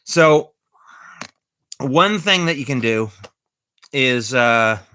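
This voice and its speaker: A man chatting casually on a vlog about magic tricks, rambling and halting with many fillers and corny jokes. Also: mid-range voice, expressive, pushed and bright, smooth. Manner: corny jokey delivery. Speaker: vlogger showing magic tricks.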